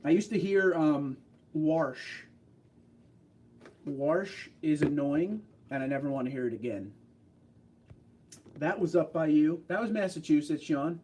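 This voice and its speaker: A man's voice: on the high side, darkish tone. Chatty New York man hosting a livestream. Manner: chatty, joking. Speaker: livestream host. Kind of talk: casual livestream chat, reading comments.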